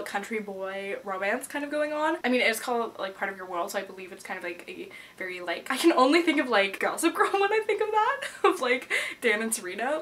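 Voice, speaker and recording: A young woman in her twenties talks casually, gushing and bubbly, with plenty of "like" fillers. She speaks quickly, in a fairly high voice with a bright edge. Her tone stays eager and chatty throughout. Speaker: book vlogger. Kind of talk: casual chat.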